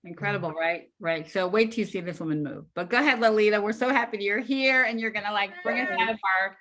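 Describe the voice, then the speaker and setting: A woman with a medium-pitched voice hosts a talk show. She is upbeat and keeps coaxing her guests to talk. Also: fast, fairly bright tone, a little hiss or hum.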